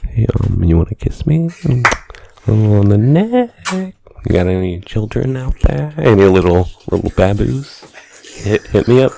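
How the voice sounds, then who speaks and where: A young man voicing a creepy, leering adult man who makes suggestive come-ons in a low, breathy voice. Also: big pitch swings, measured pace, heavy background noise, exaggerated voice.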